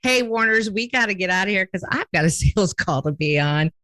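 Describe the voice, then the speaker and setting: A woman hosting a podcast in casual, playful chat, talking quickly with lots of "like". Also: mid-range voice, lively intonation, pushed and bright, no echo. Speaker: podcast host.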